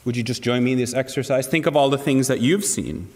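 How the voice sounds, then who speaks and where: A man's voice: medium pitch, fast talker, long reverb tail. A man preaching a sermon to a congregation, earnest and asking them direct questions. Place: church hall.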